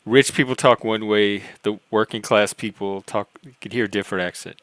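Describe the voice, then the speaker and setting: A man with a fairly low voice joins a casual online panel, asking curious questions and thinking aloud. His voice sounds dry and close, with no room echo. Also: steady tone, fairly quick, fairly bright tone. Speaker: panel co-host.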